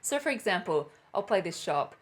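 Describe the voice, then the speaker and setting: A woman's voice: medium pitch, sing-song, moderate pace. A woman hosting a live flute lesson and Q&A, chatty and self-deprecating, laughing at herself as she loses her thread. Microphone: camera mic on a live stream.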